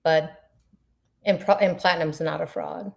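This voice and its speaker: Blunt, lower-voiced woman co-host. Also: steady tone, moderate pace, vocal fry. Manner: blunt, exasperated, plain-spoken. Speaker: podcast co-host. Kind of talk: casual chat.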